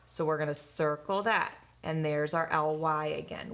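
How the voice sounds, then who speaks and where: A woman's voice: low-pitched, animated, creaky, fairly bright tone. A woman teacher giving a recorded grammar lesson to young children, patiently asking questions and answering them herself. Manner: slow, patient, asks and answers own questions.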